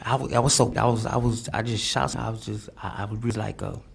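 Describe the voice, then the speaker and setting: A man giving courtroom testimony, halting and repeating his words, often adding "you know what I'm saying". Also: fairly low pitch, fairly even intonation, gravelly, slight background noise. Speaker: defendant testifying.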